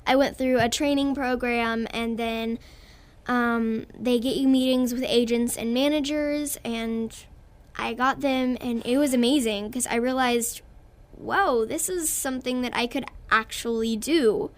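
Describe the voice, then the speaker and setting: A woman's voice: a little high, fairly even intonation, a little slow. A young girl from Texas with a Texan accent, a guest actress in a radio interview, talking in a bubbly, earnest way and giggling often. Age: child.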